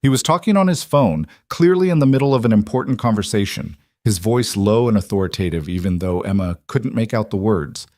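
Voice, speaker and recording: Male storyteller, low register, steady somber read, dry close sound. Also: brisk, few pauses, no room sound. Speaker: narrator. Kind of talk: scripted story narration.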